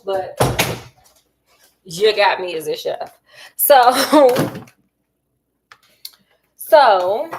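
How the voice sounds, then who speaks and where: A woman's voice: a little high, slight background noise. A woman, chatting while she cooks and gossiping about reality TV in a sassy, dramatic way. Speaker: cooking vlogger. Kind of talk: casual chat while cooking.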